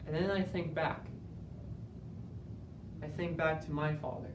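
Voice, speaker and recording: A man giving an earnest, measured dramatic interpretation performance that builds to moments of intense emphasis. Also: steady tone. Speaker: speech competitor. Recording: roomy, distant, faint rumble.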